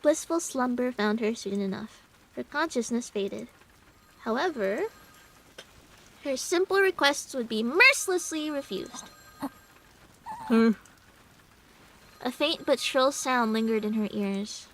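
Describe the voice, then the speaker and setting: Young woman streamer, high and lively voice; reads slowly, then yelps and squeaks at what she reads. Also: a little hiss or hum, poor audio. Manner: breaks off narration into excitable squeaky outbursts. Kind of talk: reading a story game aloud on stream.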